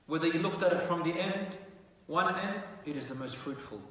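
A man telling a dramatic story as a sermon, going from hushed lines to loud, animated ones. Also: a little high, moderate pace, recorded from a distance. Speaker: preacher. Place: mosque prayer hall. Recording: echoey hall, mic from afar.

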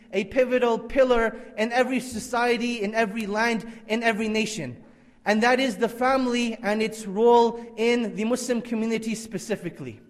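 A man's voice: sits high, big-room sound. A man giving an Islamic conference lecture, emphatic and repetitive, with Arabic religious phrases woven in. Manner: emphatic, repeats key phrases for effect.

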